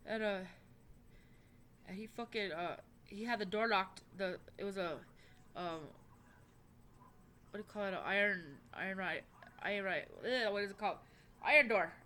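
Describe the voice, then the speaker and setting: A woman's voice: mid-range voice, normal speed, long pauses, sharp tone, slight background noise. A woman telling a personal story to the camera in a rambling, blunt way, swearing constantly. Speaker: vlogger. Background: faint background music.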